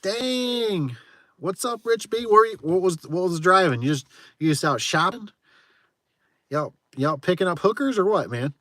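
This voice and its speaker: A man's voice: sits high, expressive, unhurried, pushed and bright, dry recording, clean studio sound. A man who runs a garage door repair business, chatting casually with viewers on a livestream, laughing often and tossing in frequent exclamations.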